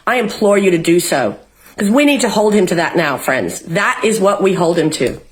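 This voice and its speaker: A woman's voice: fairly low pitch, animated, normal speed. A young Australian woman vlogging from home, ranting with passion and swearing often. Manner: fiery, swearing, emotional, rallying. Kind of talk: impassioned political rant to camera. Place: home, in isolation.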